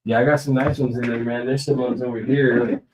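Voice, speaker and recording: A man's voice: mid-range voice, flat delivery, a little fast, a little mellow, low-quality recording. A man chatting casually on his own livestream, rambling and laughing often as he shows off coins. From US West Coast. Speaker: livestream host. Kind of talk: casual live-stream chat.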